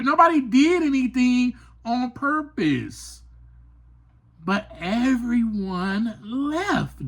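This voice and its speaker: On his podcast, an adult male host gives a personal, reflective monologue, lingering over every thought. His voice ranges widely, rising to passionate highs and dropping into quiet, low asides, and he comes across as earnest, open and emphatic.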